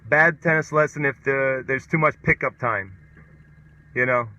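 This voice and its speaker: A man's voice: medium pitch, normal speed, bright, forceful tone. A man who hosts a tennis coaching show, talking casually and emphatically and reading out viewer comments. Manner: emphatic, repeats a punchy catchphrase. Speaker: tennis coach and podcast host. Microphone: mobile setup. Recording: dull lo-fi mobile stream.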